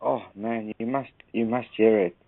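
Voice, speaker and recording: A man calling in to a radio chat, soft-spoken, agreeable and earnest. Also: lowish voice, steady tone, normal speed, no room sound. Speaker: caller. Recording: dry tinny phone-like line.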